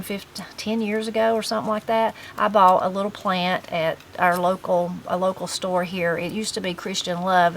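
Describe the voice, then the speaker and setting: Casual host: a middle-aged Appalachian woman with a lowish voice, rambling and folksy, faint clicks behind. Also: a bit bright, a little hiss or hum, poor audio. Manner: rambling, folksy storytelling with fillers. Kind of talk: casual chat.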